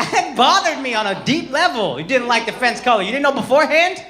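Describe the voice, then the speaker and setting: A male stand-up comedian doing brash, profane crowd work on a comedy club stage, swinging from teasing to shouted mock outrage. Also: extremely high pitch, lively intonation, quick pace. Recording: roomy club sound with loud crowd laughter. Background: crowd laughter.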